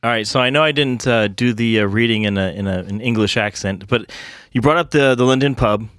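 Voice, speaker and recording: A man's voice: mid-range voice, a little fast, a bit bright, faint music behind. A man co-hosting a podcast and telling a joke, starting hesitantly with many fillers. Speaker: podcast co-host. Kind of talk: casual storytelling.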